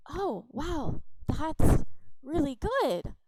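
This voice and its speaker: A woman's voice: high voice, takes it slowly, darkish tone, a little hiss or hum, pitched above the performer's own voice, poor audio. A woman voicing a shy young princess who stammers and hesitates when she speaks. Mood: timid.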